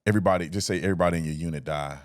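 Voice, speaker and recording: A man hosting an interview, asking questions in a halting way, thinking out loud. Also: low voice, no room sound, studio quality. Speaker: podcast host. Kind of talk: casual interview talk.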